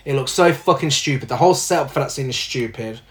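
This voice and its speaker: A man's voice: medium pitch, fast, slight background noise. Male co-host, sarcastic film critic, swears freely, conversational. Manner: blunt, sarcastic, swears often. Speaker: podcast co-host reviewing films. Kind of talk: casual film review chat.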